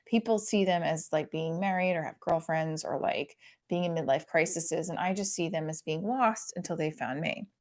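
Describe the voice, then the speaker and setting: A woman in her forties doing casual stand-up as a comic, rambling and cutting herself off, with loud bursts when she acts out her family. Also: low-pitched, normal speed, hardly any pauses. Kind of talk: casual stand-up trying new material.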